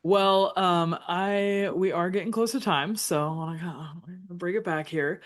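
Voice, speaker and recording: A woman's voice: on the low side, measured pace. A woman co-hosting a talk podcast, speaking earnestly in long run-on thoughts full of "like". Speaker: podcast co-host. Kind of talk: casual chat.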